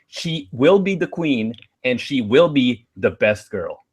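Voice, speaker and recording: Brief: man, medium pitch, emphatic live-stream debater. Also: big pitch swings, takes it slowly, breathy edge. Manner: earnest, emphatic arguing, rhetorical questions.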